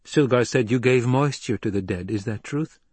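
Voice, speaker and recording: A man voicing a proud, anxious young desert widow in a storybook reading, pitched above his own voice. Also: moderate pace, darkish tone, slightly rough, dry recording, close to an everyday voice. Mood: wary.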